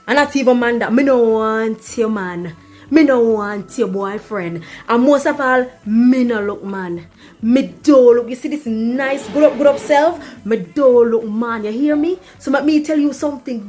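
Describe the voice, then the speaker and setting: A woman's voice: on the high side, darkish tone. A woman voicing a blunt, unbothered young Jamaican woman in a comedy skit, lecturing in a patois-laced, dismissive way.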